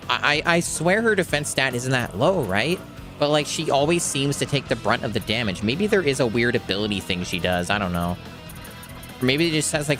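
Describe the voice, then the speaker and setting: A young man casually commenting while playing a game blind, joking, rambling and swearing now and then. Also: medium pitch. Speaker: blind let's play streamer.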